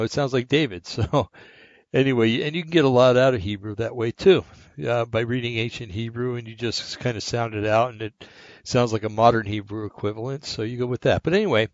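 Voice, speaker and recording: A man's voice: mid-range voice, no echo. Short-of-breath man with a shaky voice. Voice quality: slightly shaky voice. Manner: meandering, many fillers and asides. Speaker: podcast host. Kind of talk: rambling casual monologue. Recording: dull, lo-fi and dry.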